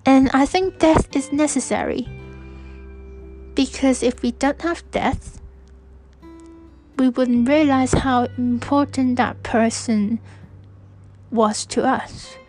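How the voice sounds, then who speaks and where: A young woman speaks slowly in a fairly high voice, hesitating and restarting often as she reflects aloud on a solo podcast. Soft music plays faintly behind her. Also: low-quality recording. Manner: slow, hesitant, with many restarts and fillers. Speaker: podcast host. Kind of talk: personal reflective monologue.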